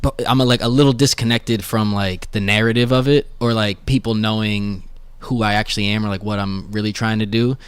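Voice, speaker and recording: A man in his late twenties from Boston, a street artist talking casually and thoughtfully, often pausing and restarting his sentences. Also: fairly low pitch, fairly even intonation, smooth, dry recording. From Boston, USA. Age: late 20s. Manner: hesitant, thoughtful, many fillers and restarts. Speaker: street portrait artist, guest. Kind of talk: casual conversation.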